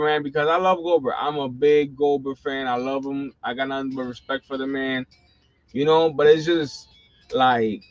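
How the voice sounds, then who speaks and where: A man's voice: mid-range voice, steady tone, moderate pace, no echo. A middle-aged man hosting a wrestling channel, ranting casually and profanely with lots of slang asides. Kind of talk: casual live-stream rant. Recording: dull lo-fi sound.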